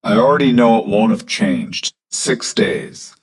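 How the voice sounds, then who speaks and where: A man's voice: fairly low pitch, lively intonation, unhurried. A man reading an earnest young schoolteacher woman.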